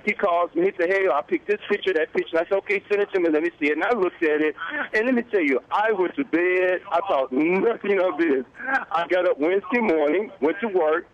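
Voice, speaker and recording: A man in his fifties, a guest on a morning talk show, telling a story in an animated way and acting out the voices of the people in it. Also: sits high, a little fast, lo-fi sound. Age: 50s. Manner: animated, acts out quoted dialogue. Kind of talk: casual interview storytelling.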